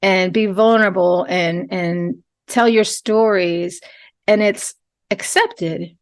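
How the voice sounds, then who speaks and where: A woman's voice: medium pitch, fairly even intonation, takes it slowly. A woman who works as a trauma therapist, speaking earnestly as a podcast guest and restarting her sentences often. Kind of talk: casual podcast interview.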